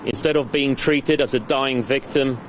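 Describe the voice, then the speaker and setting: A man reads a prepared statement slowly and gravely, at a mid pitch. Traffic and street sounds run clearly behind him, as if recorded outdoors. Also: fairly even intonation. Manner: grave, measured. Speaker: victim's parent reading a statement. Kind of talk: prepared statement read aloud. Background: clear traffic and street noise.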